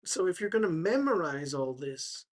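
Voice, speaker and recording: A man explaining English grammar to learners, slow and hesitant, with many fillers and restarts. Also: fairly high pitch, sing-song. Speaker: English teacher.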